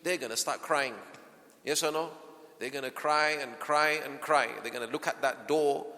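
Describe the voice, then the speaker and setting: A man's voice: mid-range voice, moderate pace. A man giving a parenting workshop in a mosque hall, often asking his audience rhetorical questions. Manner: softens into gentle acted lines to a child. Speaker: workshop speaker. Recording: long hall reverb.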